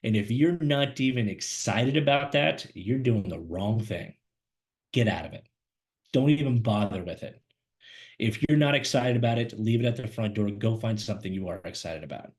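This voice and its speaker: A man teaching job seekers to camera as a career coach, fast-talking and emphatic, animated and gesturing as he speaks. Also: fairly low pitch. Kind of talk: energetic instructional talk to camera. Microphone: camera mic, speaking to camera.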